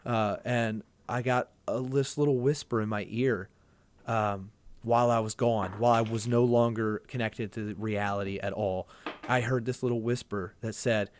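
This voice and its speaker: A man with a lowish voice tells a long personal story as a podcast guest, speaking at a moderate pace with fairly even intonation. He's earnest and rambling, often restarting his sentences in this casual conversation. There's no room sound.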